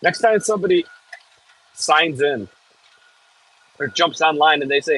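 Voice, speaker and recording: A man's voice: on the high side, measured pace, pauses often, fairly bright tone, a little hiss or hum, rough recording. An American man chatting casually on a live stream from the cab of a heavy machine, reading viewer messages aloud and swearing when it jolts. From United States. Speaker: livestreaming equipment operator. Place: cab of a heavy machine bouncing over frozen ground outdoors.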